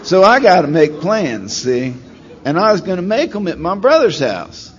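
A middle-aged man at a recovery meeting telling his story in a wry, self-deprecating way, rambling with many pauses. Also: high-pitched, sing-song. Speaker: speaker sharing at a recovery meeting. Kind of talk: storytelling share. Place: meeting room. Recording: slightly dull recording with faint room noise.

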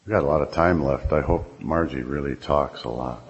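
A man sharing his thoughts at a recovery meeting, halting and restarting often before he introduces the next speaker. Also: very deep voice, lo-fi sound. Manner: halting, many fillers and restarts. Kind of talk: personal sharing to a group.

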